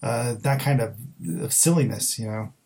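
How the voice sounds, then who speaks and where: A man's voice: mid-range voice, normal speed, creaky, a little mellow. Blunt, exasperated male podcast film reviewer, casual and sweary. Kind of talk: casual chat.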